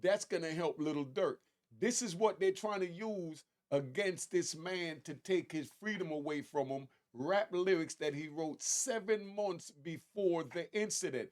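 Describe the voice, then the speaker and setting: Animated man commentating on clips. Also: a little slow. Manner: animated, rising to emphatic high pitch on key points; conversational, addresses viewers directly. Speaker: commentary host.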